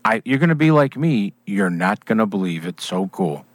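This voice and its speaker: A man's voice: lowish voice, sing-song, moderate pace, dry recording. An older man hosting an outdoors radio show, chatting with a guest, enthusiastic and rambling with fillers and restarts. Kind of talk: casual radio chat.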